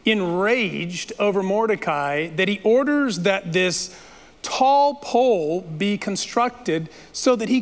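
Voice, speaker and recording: A man preaching a sermon, retelling a story in a dramatic, playful way with asides to the listeners. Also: high voice. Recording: long reverb of a large hall.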